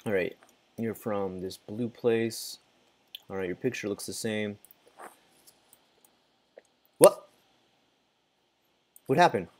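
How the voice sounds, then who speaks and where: A man's voice: fairly low pitch, slow, pauses often, darkish tone. A man casually commenting as he plays a game, muttering, reacting and sometimes swearing. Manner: mutters and reacts while playing, swears, laughs. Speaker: gaming channel host.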